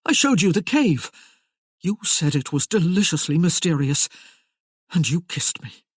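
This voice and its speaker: A woman's voice: on the low side, sing-song, measured pace, slightly rough, dry recording, full character voice. Brief: woman voicing a spurned, melodramatic young man, voice trembling and raised, dry close sound. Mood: pleading. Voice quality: trembling, theatrical outbursts.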